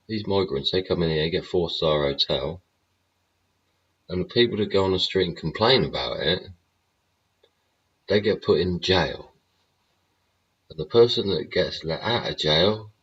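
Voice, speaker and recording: A man with a very deep, rough, husky voice rants bluntly through a show, swearing constantly and sneering with sarcasm. The sound is muffled and lo-fi, like a cheap stream mic. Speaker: show host. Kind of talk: ranting livestream commentary. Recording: dull lo-fi audio.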